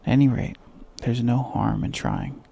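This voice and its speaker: A man voicing Alice, a polite and eager young girl, in a gentle, soothing tone. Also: medium pitch, fairly even intonation, unhurried, creaky, slight background noise.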